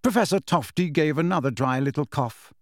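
A man narrating a storybook in a measured, expressive reading, his voice a little higher than most men's. The sound is dry and close, with no room echo. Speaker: audiobook narrator. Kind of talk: scripted narration.

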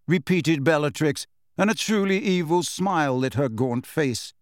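A man narrating an audiobook in an expressive, dramatic storytelling style. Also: fairly high pitch, normal speed, no echo, clean studio sound. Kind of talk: scripted narration.

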